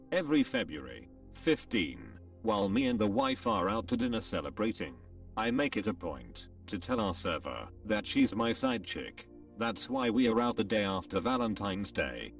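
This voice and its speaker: Synthetic male reader, low and gravelly, lively pitch, voices punctuation, sounds distant, soft music behind. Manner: computerized reading that voices punctuation marks. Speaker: narrator reading online posts. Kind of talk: text-to-speech reading of forum posts.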